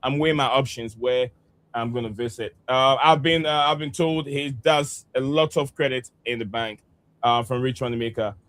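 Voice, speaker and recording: A man's voice: mid-range voice, normal speed, a bit bright. A man from the United States co-hosting a football live stream, reading out viewer comments in a friendly, loose way with many fillers.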